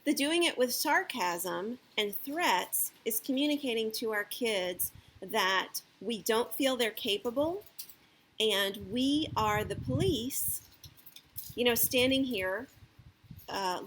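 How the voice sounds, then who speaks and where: A woman's voice: on the high side, animated, takes it slowly, fairly bright tone, slight background noise. A woman giving casual parenting advice, checking in with her listeners with frequent "okay?" and "right?". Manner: acts out the parent's lines in a lifted voice. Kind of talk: casual advice talk to camera.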